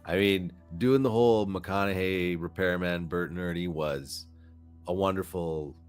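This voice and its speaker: A man's voice: deep voice, a little slow, over music. A man playing in a tabletop game, chatting enthusiastically about his character. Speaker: player. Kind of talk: casual chat.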